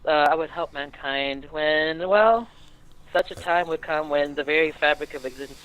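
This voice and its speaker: A man's voice: fairly high pitch, normal speed, fairly bright tone, clear, resonant tone, natural voice. A man putting on a giggly, teasing girl denizen. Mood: smug. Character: playful girlish female denizen in maid outfit. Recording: tinny phone-like line.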